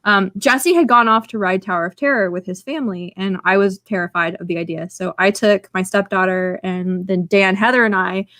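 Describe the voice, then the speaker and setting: A woman co-hosting a podcast in casual chat, excitable and chatty, stringing her stories together with lots of "like". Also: mid-range voice, a little fast, few pauses, no room sound. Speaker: podcast co-host.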